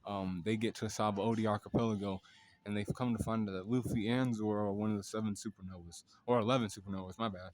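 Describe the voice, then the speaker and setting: A man's voice: on the low side, fairly even intonation, fast talker, a little mellow. A man casually retelling a long story in a loose, rambling way, with lots of fillers and swearing. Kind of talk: casual anime recap.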